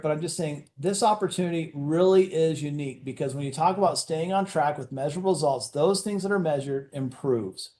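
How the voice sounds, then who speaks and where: A man's voice: a little high, dark tone. A man, a company executive, giving an enthusiastic motivational presentation to sales leaders, telling stories with acted-out dialogue and often restarting his words.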